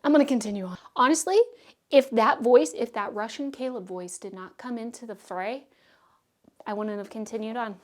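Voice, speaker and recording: A young woman talking casually and excitably as a book vlogger, reviewing what she read, with many asides and fillers. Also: on the high side, moderate pace.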